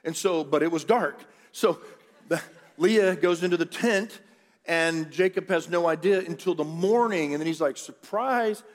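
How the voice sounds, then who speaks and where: A man's voice: a little high, normal speed. A middle-aged male pastor telling a story as a sermon, casual and jokey, with asides to his congregation. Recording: long church hall reverb.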